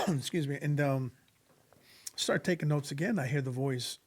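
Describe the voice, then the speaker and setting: A man with a fairly high speaking voice tells a personal faith story in an earnest, preacherly way. He slips into the voices of the people he quotes and leans into the lessons he draws. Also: normal speed. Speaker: podcast guest sharing testimony. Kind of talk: storytelling testimony in casual conversation.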